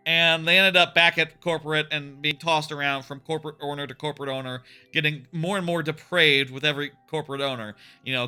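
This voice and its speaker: A man live-streaming a platform game, talking in a loose, candid way and swearing freely while he plays. His voice sits a little high for a man. Music plays clearly behind his voice. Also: pushed and bright. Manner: candid, swears often, thinks aloud. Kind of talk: casual live-stream commentary while playing.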